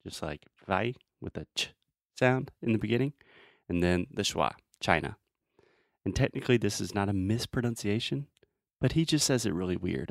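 A man with a fairly low voice teaches English pronunciation in an easy, casual way. He models sounds slowly and patiently and laughs along the way. The sound is dry and close, with no room around it. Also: creaky, dry recording.

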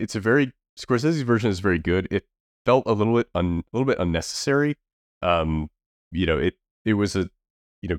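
A man whose voice sits low reviews movies on a podcast he co-hosts. The talk is loose and rambling with lots of fillers and restarts, recorded cleanly in a studio with no room sound.

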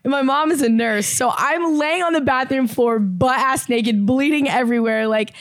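A young woman from Indiana tells a wild story in an animated, filler-heavy, swear-laced chat. Her voice sits a bit high. The recording is dry and close, with no room sound. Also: moderate pace, no room sound. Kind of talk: casual chat.

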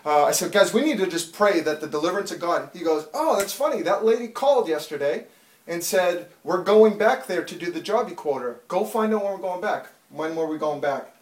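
A man in his thirties giving a fervent testimony in church, building from storytelling to loud, pleading prayer. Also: sits high, animated, fairly quick, echoey room, far from the mic. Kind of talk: preached testimony.

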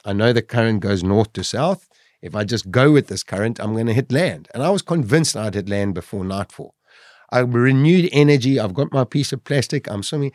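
A man's voice: medium pitch, lively intonation, brisk, a little mellow, no room sound, studio quality. A middle-aged man, a podcast guest vividly retelling his own ordeal and acting out his inner voice. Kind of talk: dramatic personal storytelling.

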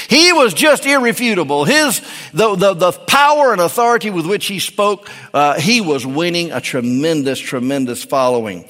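A man's voice: sits high, animated, normal speed, a bit bright. A man preaching a sermon in a folksy, emphatic way on a pulpit mic in a church. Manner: folksy, emphatic, with frequent restarts. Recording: long hall reverb.

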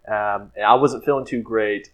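A man's voice: lowish voice, fairly even intonation, a little slow, highs cut off. A man co-hosting a podcast, talking casually with mock-dramatic, playful complaints. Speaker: podcast co-host. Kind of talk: casual chat.

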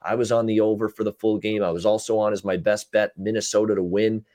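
Low-voiced man recapping hockey games. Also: fairly even intonation, warm tone, dry recording, clean studio sound. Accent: North American English. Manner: quick recaps with frequent "uh" fillers. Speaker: podcast co-host, betting analyst. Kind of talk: casual sports betting chat.

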